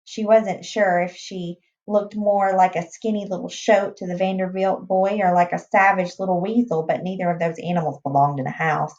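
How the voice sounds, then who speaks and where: A woman's voice: lowish voice, steady tone, darkish tone. Woman reading a novel aloud, lo-fi. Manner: plain, unhurried reading with small restarts. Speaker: reader. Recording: dull lo-fi recording.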